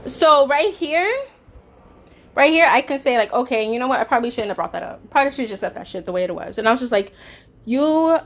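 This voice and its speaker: A woman's voice: on the high side, brisk. A woman telling a storytime vlog in a heated, swearing way, acting out both sides of an argument. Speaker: vlogger; caregiver.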